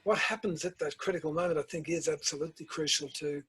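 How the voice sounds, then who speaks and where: An older man, a guest author and principal telling stories in a measured, reflective interview. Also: on the high side, steady tone, a bit bright, breathy edge, rough recording. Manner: measured storytelling, tells anecdotes.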